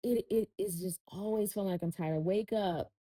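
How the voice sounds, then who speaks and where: A woman's voice: medium pitch, moderate pace, mellow, rough recording. A woman, a podcast guest telling a personal story in casual chat, often turning to listeners with "y'all.".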